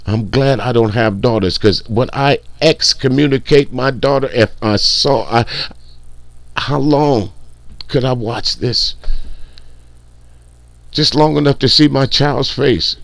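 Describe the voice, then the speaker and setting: A man's voice: medium pitch, slow pace, vocal fry, pauses often, dry recording. A man hosting casual reaction commentary, blunt, profane and mocking. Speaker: commentary channel host.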